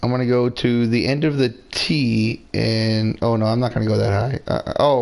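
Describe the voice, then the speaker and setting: A man's voice: mid-range voice, fairly even intonation, normal speed, vocal fry, few pauses, darkish tone. A man giving casual, rambling commentary while playing a video game, swearing freely and several beers in. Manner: rambling, profane, laid-back. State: drinking beer, several drinks in. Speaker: gamer streaming his play.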